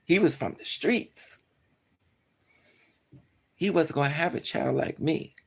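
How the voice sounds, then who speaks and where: Streamer voice, deeply gravelly and husky, blunt and profane, loops back to fix details while telling a story to chat. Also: slow. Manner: blunt, profane, repeats and corrects itself. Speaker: livestreamer. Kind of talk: casual storytelling to live chat.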